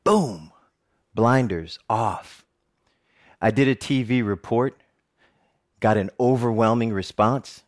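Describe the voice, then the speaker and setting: A man's voice: medium pitch, slow pace, long pauses. A middle-aged man giving a personal storytelling speech, humorous and self-mocking. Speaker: TV reporter giving a talk.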